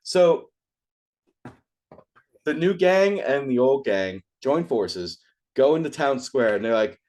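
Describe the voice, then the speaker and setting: A man co-hosting a casual movie review podcast, talking in a relaxed, profane way and laughing a lot. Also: mid-range voice, slow pace. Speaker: podcast co-host.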